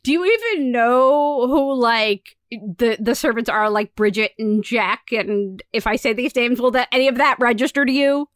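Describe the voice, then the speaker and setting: Woman, casual podcast chat, emphatic, blunt, slightly raised pitch. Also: normal speed, few pauses, no echo, studio quality. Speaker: podcast co-host.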